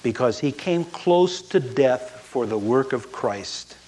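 A man's voice: mid-range voice, lively intonation, takes it slowly, a little mellow, husky, low-quality recording. A man preaching a sermon as a pastor, telling stories and acting out quoted voices with emphasis.

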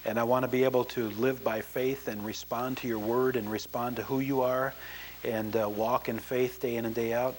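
A man's voice: medium pitch, level tone, slight background noise, poor audio. A man preaching as a pastor, telling stories and then leading an earnest prayer. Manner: earnest storyteller, slows in prayer. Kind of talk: sermon and prayer.

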